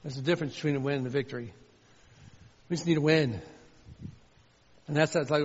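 A man preaching with a high, ringing voice that carries through a long-echoing sanctuary. He is fervent and repetitive, often slipping into the words of a prayer as he speaks. The sound is dull and muffled, like an older church recording. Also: brisk, pauses often, husky. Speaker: pastor. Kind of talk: sermon. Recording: dull, reverberant hall sound.

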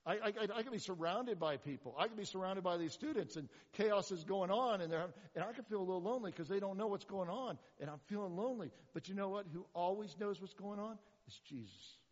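A man preaches a sermon, swinging between loud, bright bursts and quiet, low asides, full of rhetorical questions and dry sarcasm. His voice sits fairly high for a man. The sound is dull and muffled, with a long reverb from a big hall. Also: fast, few pauses. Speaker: pastor.

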